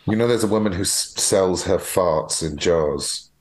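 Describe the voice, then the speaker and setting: A man's voice: deep voice, measured pace, a little hiss or hum. A man co-hosting a podcast in casual chat, curious and full of questions. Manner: curious, asks many questions. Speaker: podcast co-host.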